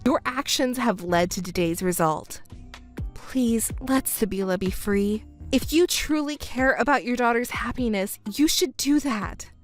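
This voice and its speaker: A young woman voicing a calm stepdaughter who speaks in a measured, coldly reproachful way, in a texting story. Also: a little high, soft background music, close to an everyday voice. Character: cool-headed young stepdaughter, calm and cutting.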